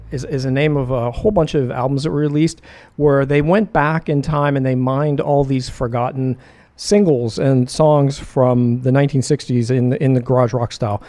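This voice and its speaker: Mellow-voiced man, rambling radio DJ. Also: medium pitch. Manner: rambling, self-correcting with many filler pauses. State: hiccuping. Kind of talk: casual radio show back-announcing.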